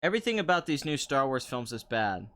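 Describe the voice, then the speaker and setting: A man's voice: medium pitch, very animated, fast talker, fairly bright tone. Sarcastic, rambling young man. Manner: sarcastic, rambling, laughs often. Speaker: podcast host. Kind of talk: casual chat answering viewer comments.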